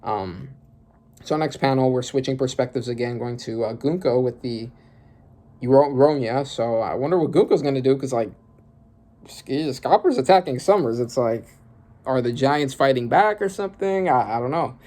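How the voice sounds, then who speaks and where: A man's voice: mid-range voice, moderate pace, warm tone. A man casually thinking aloud as he reacts to a comic, full of fillers and restarts. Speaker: manga reaction youtuber.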